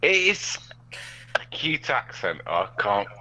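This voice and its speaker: Guy on the call joking around, super bright voice, goes up and down a lot. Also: fairly low pitch, sing-song, slow, slight background noise, rough recording. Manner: exasperated joking. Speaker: stream guest. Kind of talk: casual group chat.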